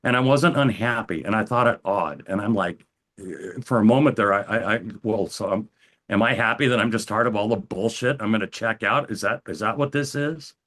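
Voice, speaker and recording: Older man, low calm halting voice. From United States. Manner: calm, halting, with frequent restarts. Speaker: interview guest. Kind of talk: personal storytelling.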